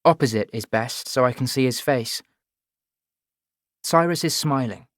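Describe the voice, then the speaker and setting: A man's voice: medium pitch, measured pace, no room sound. Man reading a first-person audiobook, dry sound. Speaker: audiobook narrator.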